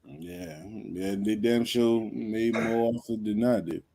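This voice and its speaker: A man hosting a podcast, talking casually in a laid-back, slangy way with animated storytelling. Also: on the low side, takes it slowly, vocal fry, very noisy. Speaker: podcast host. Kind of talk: casual banter.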